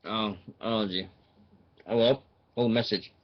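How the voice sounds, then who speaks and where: A man's voice: lowish voice, fairly even intonation, slow pace, dull audio. A man hosting a casual online radio show, rambling and thinking aloud with plenty of fillers.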